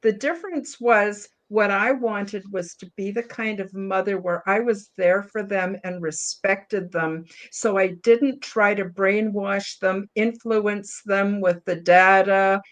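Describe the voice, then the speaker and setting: A middle-aged woman speaking on a spiritual panel discussion, emotional and near tears, apologizing and talking warmly with many fillers. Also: medium pitch, takes it slowly, few pauses. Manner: heartfelt, apologetic, chatty with fillers. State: tearful, emotional. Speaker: panel guest.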